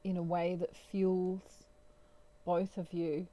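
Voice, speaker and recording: A woman with a soft, mellow voice reads tarot in an unhurried, halting way. She sits slightly low in pitch and speaks with gentle emotion, pausing often as she relays messages. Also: little pitch movement. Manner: slow, soft, emotional, hesitant. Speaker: tarot reader. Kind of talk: spiritual channeled reading.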